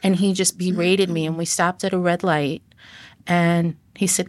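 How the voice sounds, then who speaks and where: Middle-aged woman, podcast guest; low voice, earnest, halting storyteller; dry close sound. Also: flat delivery, no room sound. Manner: earnest, halting, with frequent restarts. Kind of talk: personal storytelling in conversation.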